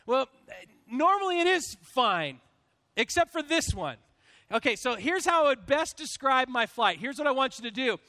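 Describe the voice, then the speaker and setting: Male pastor, very high voice, dry close sound, animated self-deprecating sermon story, frequent restarts. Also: no echo. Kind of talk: sermon with a humorous personal story.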